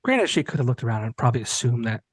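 Husky dude rambling through a story on his podcast, dry close mic. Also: mid-range voice, sing-song, very fast, dry recording. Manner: rambling storytelling, many restarts, acts out quotes. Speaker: podcast host. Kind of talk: casual chat.

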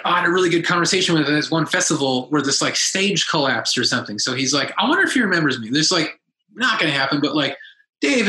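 A man telling a story in casual chat, lively and acting out the quotes of others in a raised voice. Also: a little high. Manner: animated, acts out quotes in a raised voice. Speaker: podcast guest, musician. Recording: echoey room.

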